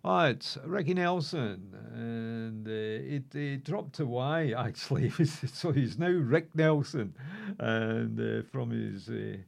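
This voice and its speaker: A man's voice: mid-range voice, expressive, slow, creaky, few pauses. A man hosting a radio music show, chatting casually between records with chuckles and rambling asides. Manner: chuckling, rambling, many uh fillers.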